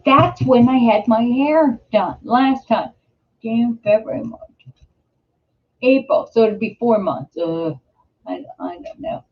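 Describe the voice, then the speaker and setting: A middle-aged woman hosts a casual live stream from home, her voice fairly high, animated and a little slow as she rambles with plenty of fillers and restarts. She's picked up by a webcam or computer mic, and the lo-fi home audio sounds slightly dull.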